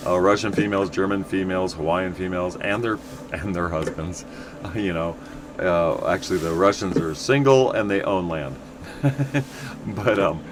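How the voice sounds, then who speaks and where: A man's voice: sits low, noisy background. A middle-aged man from the United States, chatting in a rambling, casual way while streaming a game. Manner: rambling, chatty, many restarts.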